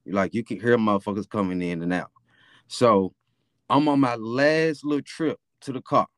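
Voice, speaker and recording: A man's voice: fairly low pitch, no echo, studio quality. A young man with a Memphis accent, casually telling a profane, rambling story as a podcast host. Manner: laid-back, profane, rambling with fillers.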